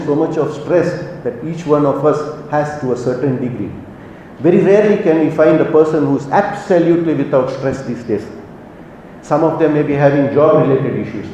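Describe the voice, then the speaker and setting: A man's voice: mid-range voice, dark tone, dull audio. A man gives a motivational religious message. He tells it earnestly, like a story, and lifts and drops his voice for emphasis. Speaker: preacher. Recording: echoey hall, distant mic, faint noise.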